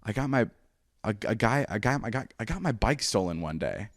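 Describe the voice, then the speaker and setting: Animated young man telling a story. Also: fairly quick, no room sound, studio quality. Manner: animated, acts out quotes with raised pitch, swears a lot. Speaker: podcast host. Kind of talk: casual storytelling.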